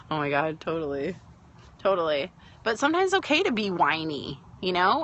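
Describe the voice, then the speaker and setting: A woman's voice: lowish voice, big pitch swings, moderate pace, pauses often, a bit bright, a little hiss or hum. A woman hosting a casual live stream from home, talking through her thoughts with lots of fillers and greeting viewers as they join.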